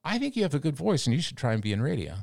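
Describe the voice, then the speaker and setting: A man putting on the voice of a friendly male radio station owner, who speaks quickly and encouragingly. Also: fairly high pitch, big pitch swings, gravelly, darkish tone, dry recording, clean studio sound, voice pushed up.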